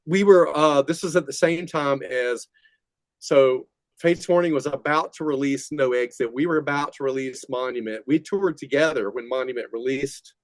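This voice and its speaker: A man's voice: medium pitch, no room sound. An older man, a metal musician guest, telling rambling stories in a casual interview and laughing often. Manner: rambling, laughing, animated retelling.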